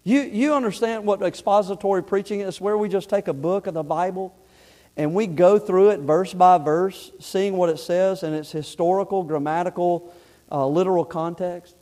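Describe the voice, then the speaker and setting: A man with a notably high voice delivers a sermon from the pulpit of a church. His talk is folksy and plain-spoken, and it swells into loud, emphatic exhortation. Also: moderate pace. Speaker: pastor. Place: church sanctuary.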